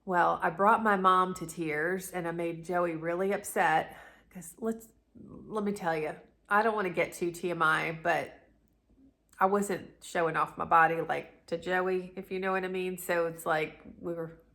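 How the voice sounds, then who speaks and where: Lady vlogging, low-ish voice, rambly and real, lots of y'all. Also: steady tone, measured pace, vocal fry, a bit bright. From Southern United States. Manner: chatty, rambling, addresses viewers as y'all. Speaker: vlogger, channel host. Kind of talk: candid personal storytelling to camera.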